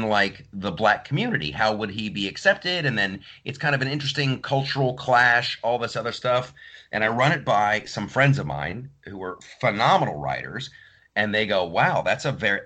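A man's voice: mid-range voice, sharp tone. A man telling a story in casual podcast chat, acting out other people's lines. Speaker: podcast host.

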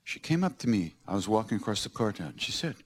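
Animated low-voiced man telling stories. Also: fast. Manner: animated, acts out scenes with laughter. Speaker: podcast host. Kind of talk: recounting personal stories.

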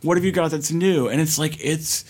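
A man's voice: on the high side, normal speed, darkish tone. A man co-hosting a political chat, exasperated and scornful.

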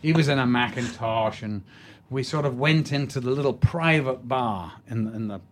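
A man's voice: mid-range voice, normal speed. Older Englishman telling theatrical stories. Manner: theatrical storytelling, hesitant restarts. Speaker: guest actor. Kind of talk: anecdotal interview talk.

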